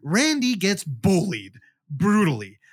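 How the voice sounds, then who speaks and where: A man's voice: high-pitched, wildly swooping pitch, takes it slowly, husky, no room sound, clean studio sound. A man hosting a podcast, animatedly retelling a movie in casual chat and swearing freely. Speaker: podcast host. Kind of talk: casual film review chat.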